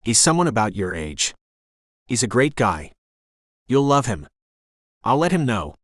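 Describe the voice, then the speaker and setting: A brisk, chatty innkeeper woman in her sixties with a faint Jamaican accent, all rapid-fire energy, as a male narrator voices her. The sound is close and dry, at a middle pitch. She is the lively figure of an audiobook romance. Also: no room sound.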